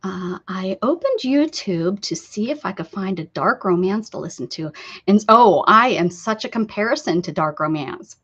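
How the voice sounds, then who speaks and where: A woman's voice: mid-range voice, lively intonation, moderate pace, fairly bright tone, breathy edge. A woman hosting a casual art livestream, chatting and teasing herself while she crafts. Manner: chatty, giggly, self-teasing. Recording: dull lo-fi sound.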